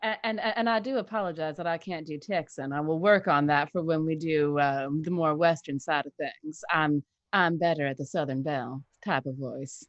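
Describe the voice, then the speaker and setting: A woman's voice: low-pitched, normal speed, hardly any pauses, no echo. A woman voice actor chats eagerly with her fellow players, repeating words as she gets going. Her voice is close and dry with no room sound. The recording is dull and lo-fi. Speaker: voice actor and audiobook narrator. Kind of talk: casual chat among players.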